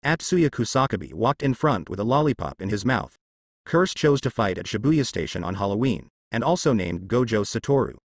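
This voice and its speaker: A man narrating a translated fan novel in an even, unbroken reading voice. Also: fairly low pitch, normal speed, no echo, clean studio sound.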